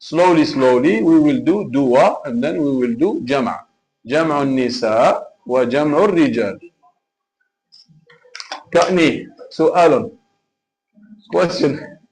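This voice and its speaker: High-voiced male teacher. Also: animated, slow pace, long pauses, darkish tone, low-quality recording. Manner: patient, repetitive teaching with drills. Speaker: Arabic language teacher. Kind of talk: live online class lesson.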